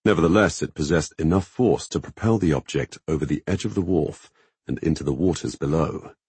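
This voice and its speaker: A man narrating a fantasy audiobook in a steady, even reading. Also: extremely low pitch, brisk, husky, no echo.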